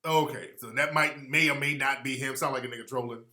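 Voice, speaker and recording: A man hosting a casual talk show, telling a story in an animated way with frequent laughter. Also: medium pitch, fairly quick. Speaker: radio show host. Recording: roomy echo.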